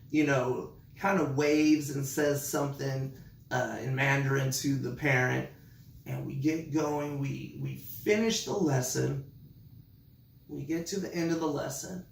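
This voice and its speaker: A man who teaches online, telling a story in a casual vlog with animated delivery. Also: medium pitch, unhurried, gravelly, roomy sound, recorded from a distance, a little hiss or hum. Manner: animated, acts out his classroom voice.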